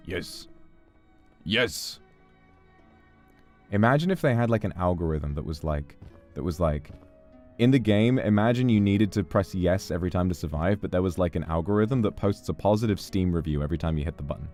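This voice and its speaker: A man's voice: low-pitched, animated, moderate pace, a little mellow, faint music behind. A man with a British accent, giving playful, theatrical live commentary on a game and talking to his chat. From Britain. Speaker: streamer.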